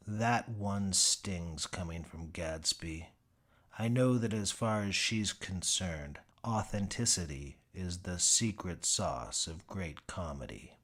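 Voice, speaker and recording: A man's voice: sits low, expressive, slow pace, a bit bright. A man narrating a comic first-person audiobook with a dry, self-important delivery.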